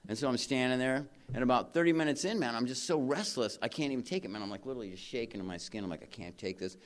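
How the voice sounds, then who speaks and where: A man's voice: mid-range voice, quick pace. A man speaking at a recovery convention, telling his story in an earnest, rambling way, with lots of "man" and "you know". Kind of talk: personal recovery share. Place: convention stage before a live audience.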